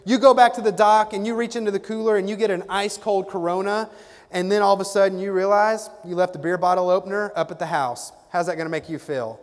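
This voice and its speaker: A man voicing an upbeat male mall salesman who talks in chummy, excited slang. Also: high-pitched, fast, in a large hall, close to an everyday voice. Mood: persuasive.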